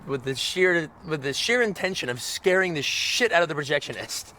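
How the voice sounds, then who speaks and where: A man telling an animated, profane anecdote in an interview, often checking in with "all right?". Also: fairly high pitch, moderate pace.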